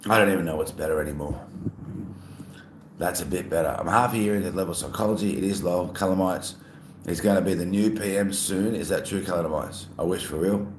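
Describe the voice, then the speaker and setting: A man's voice: deep voice, fairly quick. A man casually chatting to his live-stream chat, playful and reading messages aloud. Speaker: livestreamer. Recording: echoey room, faint ambient noise.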